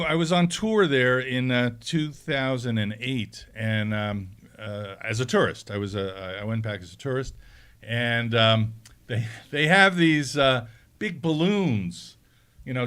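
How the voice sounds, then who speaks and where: A man's voice: medium pitch, fairly bright tone, smooth. A man hosting a local radio talk show, telling an anecdote in a chatty way with lots of fillers.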